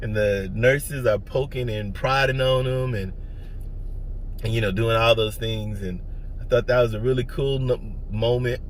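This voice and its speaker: A young man tells a candid, animated story in a casual vlog. His voice sits at an ordinary middle pitch. Steady street and traffic noise runs behind him outdoors. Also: a little slow. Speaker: vlogger, father. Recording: noisy outdoor ambience with traffic.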